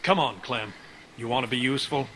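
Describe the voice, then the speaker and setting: A man voicing a gruff, bright-voiced frontier uncle. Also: medium pitch, brisk, a little hiss or hum, lightly acted, low-quality recording. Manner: stern, blunt, commanding. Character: gruff grizzled uncle leading survivors. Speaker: video game character. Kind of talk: game dialogue.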